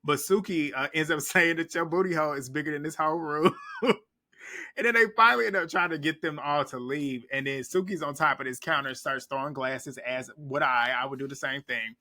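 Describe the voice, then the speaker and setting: A man's voice: fairly high pitch, fairly quick. Blunt, profane man recapping reality TV. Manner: animated, blunt and profane, laughs often. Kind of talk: casual reaction recap.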